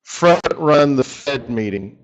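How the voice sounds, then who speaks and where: A man's voice: mid-range voice, animated, takes it slowly, muffled recording. A man leading a live forex strategy session, chatty and joking, talking straight to his viewers.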